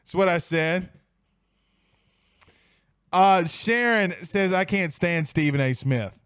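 A young man, tipsy from whiskey, hosts a sports livestream, reading viewer comments in a rowdy, profane way while laughing. His high, animated voice is slow, a bit bright, clear and resonant, captured with studio quality and no echo.

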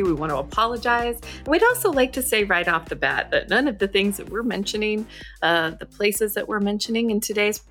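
A woman's voice: medium pitch, fairly bright tone. An upbeat woman co-hosts a parenting advice podcast. She talks in a chatty, easygoing way and explains things at length with small fillers. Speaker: podcast co-host.

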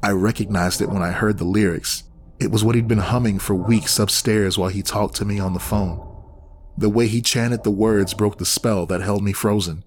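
Guy narrating a horror story, lowish voice, steady and tense, bit of faint noise. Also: normal speed. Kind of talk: scripted horror audiobook narration.

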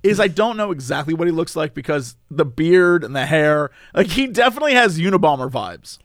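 Animated, high-voiced man telling stories. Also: a little fast, no room sound, studio quality. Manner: animated storyteller who acts out quotes. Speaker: podcast co-host. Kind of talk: casual chat.

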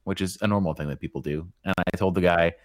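A man's voice: low-pitched, fast talker, no room sound, clean studio sound. A man co-hosting a podcast, telling stories in a wry, self-deprecating way. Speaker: podcast co-host. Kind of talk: casual storytelling chat.

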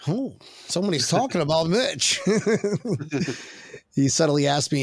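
A man hosting a casual sports podcast, jokey and quick to laugh. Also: on the high side, lively intonation, gravelly, no room sound. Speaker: podcast host.

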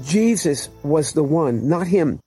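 Earnest older man, mellow voice. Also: on the high side, expressive, takes it slowly, soft background music, poor audio. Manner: earnest, emotional storytelling. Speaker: testimony speaker. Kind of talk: personal faith testimony.

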